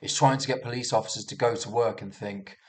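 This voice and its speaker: Young guy, lowish voice, meandering swear-heavy news commentary, frequent restarts. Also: fairly even intonation, fast, a little mellow. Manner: restarts a lot, swears, muses aloud. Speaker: vlogger reviewing news. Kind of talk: casual rambling commentary.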